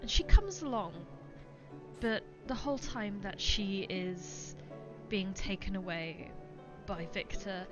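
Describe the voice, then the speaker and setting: A woman narrating a tabletop game as game master, in a slow, wry way. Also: mid-range voice, dull audio, over music.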